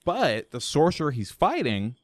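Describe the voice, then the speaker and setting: A man co-hosting a casual podcast, insistent and quick to correct his partner with details. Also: on the high side, wildly swooping pitch, dry recording. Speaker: podcast co-host. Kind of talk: casual chat.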